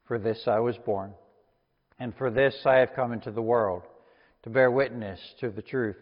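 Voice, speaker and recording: A man reading Jesus, quiet and grave. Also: medium pitch, steady tone, moderate pace, natural voice. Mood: solemn. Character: Jesus, calm man on trial. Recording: long reverb, dull lo-fi sound.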